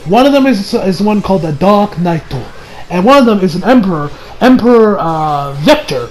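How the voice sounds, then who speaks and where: A young man giving a casual, excitable anime review, swearing and laughing often. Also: high voice, moderate pace, a little hiss or hum.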